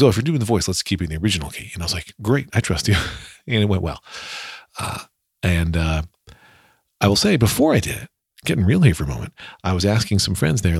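Man, podcast host, low voice, rambling self-deprecating storytelling, dry close recording. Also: husky, no room sound. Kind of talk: casual solo podcast monologue.

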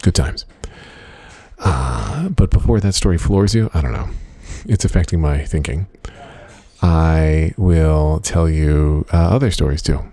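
A middle-aged man with a very low, gravelly voice rambles through a casual podcast diary from his home office. His tone is dark and a little husky, and he stays wry and self-mocking throughout, leaning on uh fillers as he goes. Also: sing-song, normal speed, no room sound. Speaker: podcast host.

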